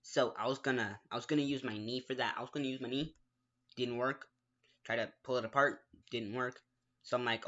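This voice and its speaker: A man rambles through a personal story in a casual vlog, restarting his sentences and stopping to apologize. He makes his own mouth sound effects along the way. His voice is bright, mid-pitched and sharp, caught on a dull, lo-fi home recording. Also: fairly even intonation, fairly quick. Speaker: gaming vlogger.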